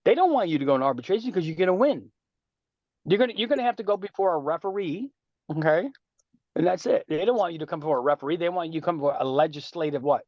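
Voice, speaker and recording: A man speaking on a group call in a boastful, animated way with streetwise slang, lecturing and taking questions. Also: on the high side, dry recording, muffled recording. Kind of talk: casual lecture and Q&A.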